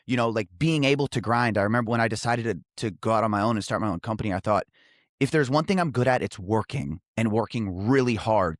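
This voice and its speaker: A man with a somewhat low voice hosts a podcast conversation. He sounds reflective and affirming, recorded dry and close to the mic. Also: no echo. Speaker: podcast host, former football player. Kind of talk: casual interview.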